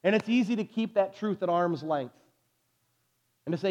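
A pastor in his forties preaching a sermon in a church, telling stories with animated energy and then dropping to soft, intense delivery. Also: sits high, moderate pace, pauses often, lo-fi sound. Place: church sanctuary.

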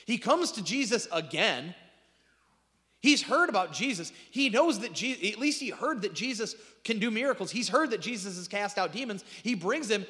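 A man preaching with a high, restless voice that leaps up and plunges low. He stammers through restarts, then drops to a near-whisper. The sound rings with a long hall reverb. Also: expressive, normal speed, pushed and bright. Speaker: pastor. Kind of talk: sermon.

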